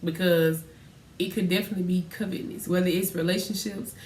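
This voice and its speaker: A woman co-hosting a casual podcast, telling stories and acting out quotes in a lively way. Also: fairly low pitch, a little fast, roomy sound, far from the mic, slight background noise. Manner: animated storytelling, acts out quotes loudly. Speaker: podcast co-host. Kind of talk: casual faith podcast chat.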